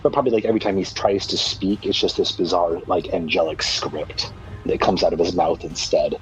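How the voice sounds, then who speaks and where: A man's voice: low-pitched, fairly even intonation, fairly quick, soft background music. A man playing a tabletop game, describing a scene imaginatively and rambling with fillers. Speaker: player. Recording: dull lo-fi mic.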